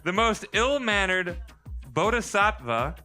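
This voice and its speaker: Bright slow-reading quiz host man. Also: high-pitched, big pitch swings, faint music behind. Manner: reads clues slowly and repeats them. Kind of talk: live pub trivia hosting. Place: pub stage with live audience.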